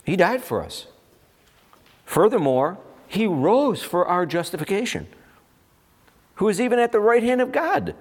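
His voice sits high as he preaches, a pastor working through a sermon with lively expressiveness. Along the way he drops brief asides and fires rhetorical questions.

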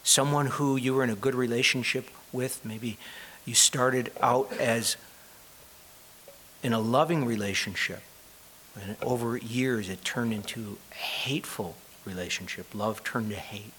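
A male pastor preaching a sermon in a church, earnest and unhurried, with pauses and repeated phrases. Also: medium pitch, a bit bright, a little hiss or hum, rough recording.

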